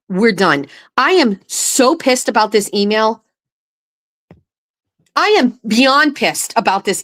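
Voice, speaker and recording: A woman hosting her own show, ranting angrily and with profanity about a political campaign from a home setup. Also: medium pitch. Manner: angry, profane, heated ranting. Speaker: host.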